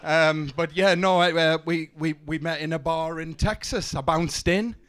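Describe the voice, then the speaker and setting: Stumbling deadpan comic. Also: male voice, fairly high pitch, a little slow, clean tone. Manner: deadpan one-liners with stumbling restarts. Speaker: stand-up comedian. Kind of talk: stand-up set. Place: comedy club stage. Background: audience laughter.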